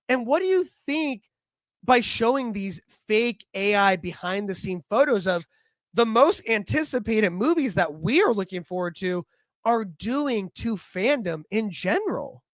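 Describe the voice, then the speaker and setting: A woman's voice: medium pitch, expressive, a little slow, no room sound. A woman hosting a casual podcast discussion, talking conversationally and sometimes searching for her words. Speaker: podcast host.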